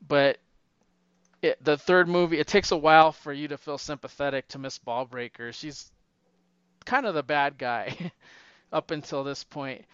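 A man casually retelling a movie plot, animated and acting out the characters' lines in raised voices. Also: on the high side, smooth, no room sound, dull audio.

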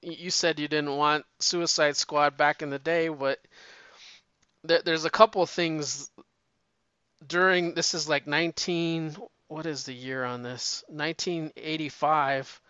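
Slightly high, bright and clear, this man's voice holds steady as he talks a little slowly in a loose, rambling chat full of profanity and restarted sentences. The audio is lo-fi and dull, dry with no room sound.

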